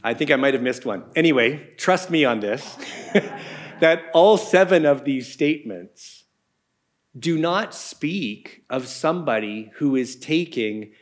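A man's voice: mid-range voice, expressive, takes it slowly. A man preaching a sermon, explaining scripture in a conversational teaching manner with casual asides. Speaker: pastor.

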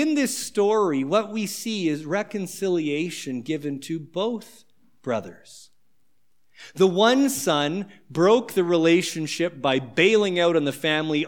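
A man preaching a sermon in a conversational, explanatory way. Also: on the high side. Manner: conversational, explanatory, acts out scenes. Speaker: pastor.

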